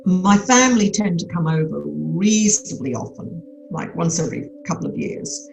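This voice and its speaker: A woman's voice: fairly low pitch, expressive, moderate pace, creaky, soft background music, poor audio. An older woman from Australia with an Australian accent, chatting frankly and cheekily as an interview guest, full of restarts. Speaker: actress and podcast guest. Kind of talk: casual interview chat.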